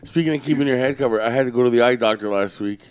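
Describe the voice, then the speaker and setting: A man's voice: medium pitch, very fast. A man co-hosting a podcast in casual chat, telling stories with plenty of swearing and acting out both sides of a conversation. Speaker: podcast co-host.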